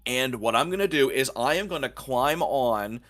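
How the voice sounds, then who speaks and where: A man playing a tabletop role-playing game, chatty and thinking out loud as he plans his moves. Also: medium pitch, normal speed. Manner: lively, chatty, thinks aloud with many "like"s. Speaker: player. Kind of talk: casual tabletop play.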